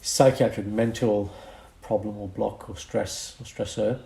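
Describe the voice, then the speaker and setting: A man's voice: lowish voice, fairly even intonation, unhurried, creaky, warm tone. A man co-hosting a casual podcast, explaining medical conditions and chuckling between points.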